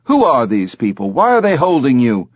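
A man's voice: medium pitch, huge pitch swings, moderate pace, slightly rough, no room sound, studio quality. A man reading an audiobook, voicing a chatty gray talking parrot that mimics people's voices.

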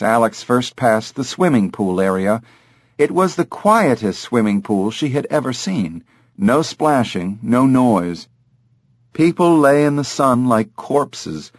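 A man narrating an audiobook in a measured, expressive way. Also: mid-range voice, dry recording, studio quality. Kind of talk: scripted narration.

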